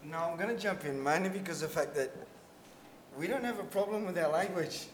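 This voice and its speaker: A fairly high-voiced man with an Australian accent speaks on a public panel. He talks bluntly and emphatically, with wry humor. The sound rings with the long reverb of a lecture hall. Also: fairly quick, noisy background. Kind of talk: panel discussion.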